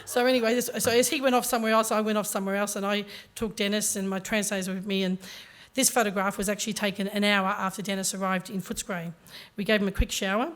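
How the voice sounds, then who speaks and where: A woman telling a story in an animated, chatty way as a conference speaker. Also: medium pitch, fast, few pauses. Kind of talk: storytelling keynote.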